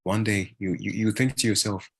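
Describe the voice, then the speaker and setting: A man's voice: fairly low pitch, normal speed, gravelly, slightly rough, no room sound. A man from Africa, a guest answering interview questions casually, often tagging his sentences with a question. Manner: relaxed, often ends phrases with a tag question.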